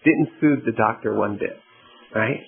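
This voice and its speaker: A man's voice: fairly low pitch, unhurried, gravelly, faint music behind. A male pastor preaching a sermon in a conversational, storytelling way. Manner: conversational storytelling, asks "right?". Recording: tinny phone-like radio broadcast.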